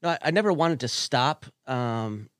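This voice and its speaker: A man's voice: medium pitch, animated, fairly bright tone, clean tone, no room sound, studio quality. A man who does stand-up, chatting casually and filling his talk with "like". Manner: quick, filler-heavy talk full of "like". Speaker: podcast co-host and comic. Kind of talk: casual chat.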